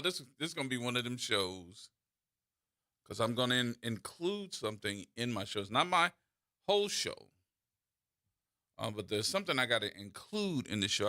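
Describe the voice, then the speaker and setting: New man, radio host, lively swinging pitch, sharp forceful tone, dry studio mic. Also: normal speed, no room sound. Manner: animated storytelling, repeats and restarts. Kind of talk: call-in talk radio monologue. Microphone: studio microphone.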